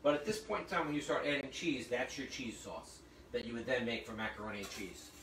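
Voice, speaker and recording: Streaming on a phone to a remote audience, a man demonstrates cooking live in a hot kitchen, chattily explaining each step. He talks briskly in a mid-range, somewhat bright voice, sounding distant and echoey with a little hiss or hum.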